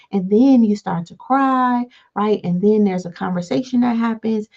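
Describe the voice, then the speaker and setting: Woman, gravelly voice, motivational life-coach talk, dull lo-fi recording. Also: medium pitch, moderate pace. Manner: repeats "all right" between points, acts out calm replies. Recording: dull lo-fi sound.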